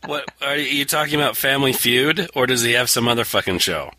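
A man's voice: mid-range voice, brisk, bright, forceful tone. A man co-hosting a podcast, riffing with dry sarcasm in casual chat. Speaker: podcast co-host. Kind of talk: casual comedic commentary.

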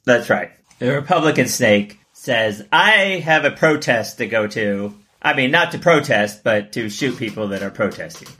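A man co-hosting a podcast in casual comedic chat, joking and laughing, often jumping into a high exaggerated pitch. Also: expressive, moderate pace, hardly any pauses, sharp tone. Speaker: podcast co-host.

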